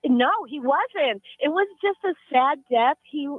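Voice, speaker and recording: A woman's voice: high-pitched, expressive, measured pace, no echo. A woman calling into a radio show, earnestly telling a true story. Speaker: caller. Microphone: phone. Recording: tinny phone line.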